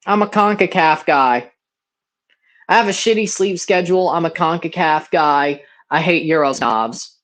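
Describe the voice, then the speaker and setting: A man's voice: fairly high pitch, unhurried, a bit bright. Blunt young man with a Southern twang. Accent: near-Southern American. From Mississippi, USA. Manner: blunt, rambling, slangy. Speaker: livestream host. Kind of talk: casual watchalong play-by-play and chat.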